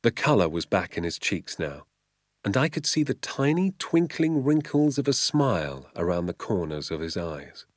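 A man narrating an audiobook in a low, grounded voice. He reads in a measured, vivid storytelling manner, and the recording is dry and close, with no room sound. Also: very animated, no room sound. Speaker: audiobook reader.

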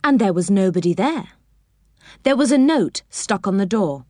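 A woman reading a children's story aloud, expressive and warm in storybook style, in a dry close recording. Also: medium pitch, normal speed, dry recording.

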